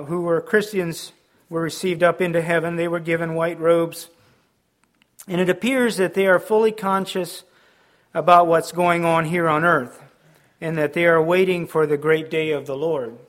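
A middle-aged man preaching a sermon, pausing often with ums and restarts as he explains scripture. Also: on the high side, a bit bright. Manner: halting, with frequent ums and restarts. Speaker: pastor.

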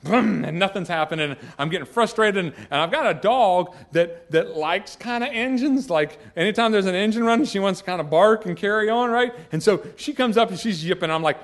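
A middle-aged man with a voice pitched a touch high. He tells a story in a casual, rambling way, stopping and restarting his sentences with folksy asides. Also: expressive, a little fast, hardly any pauses. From Georgia, US. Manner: rambling, self-interrupting, folksy.

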